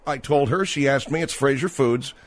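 Dry-voiced radio host. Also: male voice, mid-range voice, normal speed. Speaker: radio talk show host. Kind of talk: call-in radio hosting.

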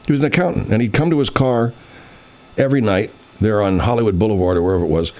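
A man's voice: fairly low pitch, quick pace, mellow. A man hosting a casual podcast pre-show, rambling and swearing freely as he tests his levels and tells a story. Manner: rambling, profane, self-deprecating. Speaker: podcast host.

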